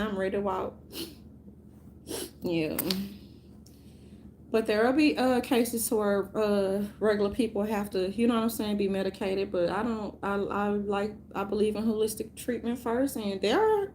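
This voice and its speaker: A woman's voice: mid-range voice, darkish tone, slight background noise. A woman ranting casually to her viewers, rambling and profane, often breaking into laughter. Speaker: vlogger.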